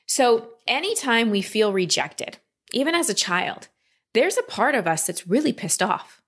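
A woman coaching a client in a calm talk, often slipping into quoted inner voices. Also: on the high side, unhurried, breathy edge. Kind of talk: coaching session.

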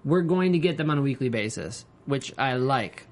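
A man co-hosting a TV after-show, giving enthusiastic, drawn-out opinions. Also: mid-range voice, animated. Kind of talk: casual chat.

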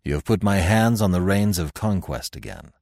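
A man voicing a fierce, battle-bloodied barbarian war chief with a gruff, commanding manner, in an audiobook reading. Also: low voice, sing-song, normal speed, a little mellow, no room sound, studio quality, pitched below the performer's own voice, exaggerated voice. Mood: grim, proud.

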